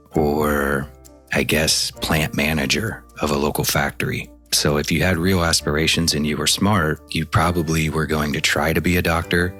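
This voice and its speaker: A man's voice: a bass voice, fairly bright tone. A man from the American Midwest telling his story candidly in an interview, animating it with quoted dialogue. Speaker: former intelligence officer guest.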